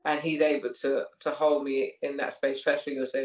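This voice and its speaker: A woman's voice: rumbling low, little pitch movement, moderate pace. Candid married woman in a roomy space. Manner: candid, laughing, repeats phrases. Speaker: podcast guest. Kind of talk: casual conversation. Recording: roomy echo.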